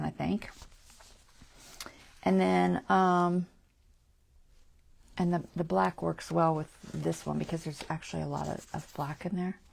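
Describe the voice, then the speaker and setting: Wearing a mic, a woman hosts a crafting livestream from home, thinking aloud casually through her choices and slipping into soft, half-whispered asides. Her voice is lowish and gravelly, with slight background noise.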